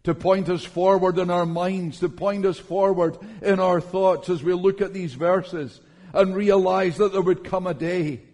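A man preaching a sermon in church, slow and earnest, calling his listeners friends. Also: on the high side, darkish tone.

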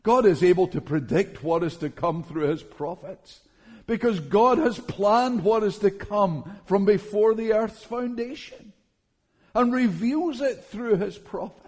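A man preaching a sermon in church, slow and earnest, calling his listeners friends. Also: sits high, a little mellow, husky.

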